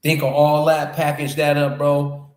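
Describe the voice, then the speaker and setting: A man with a fairly high voice hosts a loose, animated chat, leaning on slang and circling back on his own phrases. The room has a clear echo around him. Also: a little slow. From North America. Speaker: podcast host. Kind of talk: casual conversation. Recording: echoey room.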